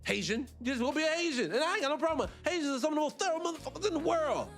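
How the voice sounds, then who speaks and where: A man's voice: racing, faint music behind. A man with a Black American accent, giving heated, profane reaction commentary as a channel host. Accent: Black American English. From United States. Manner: profane, animated, swinging between loud and low.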